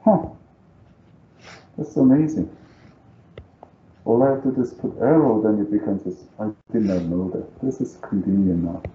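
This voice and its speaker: Man, accented English, math teacher, lowish voice, roomy lo-fi classroom recording, thinks aloud. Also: normal speed, long pauses, warm tone. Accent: non-native English. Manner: thinking aloud, coaxing students to agree. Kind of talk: live calculus lecture. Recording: roomy, dull lo-fi sound.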